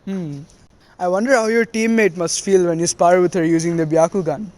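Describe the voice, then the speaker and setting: A man's voice: sits high, steady tone, a little fast, darkish tone, close to an everyday voice. A man voicing a smug teenage boy ninja who mocks his opponent in an offhand, teasing way, in a fan-made story.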